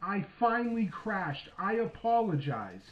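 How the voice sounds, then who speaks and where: Man, calm, patient, explaining, high voice, muffled lo-fi audio. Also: measured pace, slight background noise. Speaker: host. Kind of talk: heated phone argument. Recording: dull lo-fi sound.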